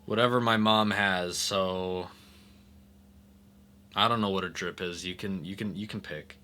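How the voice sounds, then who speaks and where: A man playing in a tabletop game, describing his actions slowly and hesitantly. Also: low voice, pushed and bright. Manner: slow and hesitant, many fillers. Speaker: player. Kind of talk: tabletop role-play, in character.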